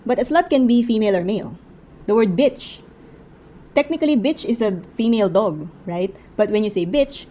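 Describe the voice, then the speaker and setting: Filipino woman reviewing a book, mellow voice. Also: medium pitch, a little hiss or hum, low-quality recording. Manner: conversational, poses many rhetorical questions. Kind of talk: casual book review vlog.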